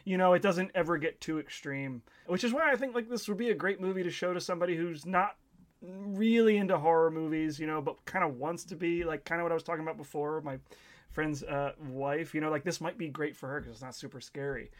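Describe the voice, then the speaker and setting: A man's voice: fairly high pitch, brisk. A man giving his take on a film in a casual podcast chat, hedging and restarting as he thinks.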